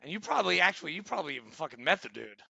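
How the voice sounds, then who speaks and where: A man's voice: a little high, very animated, very fast, gravelly, bright, forceful tone, no room sound. A man co-hosting a casual podcast, talking loosely and joking with crude words. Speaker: podcast co-host.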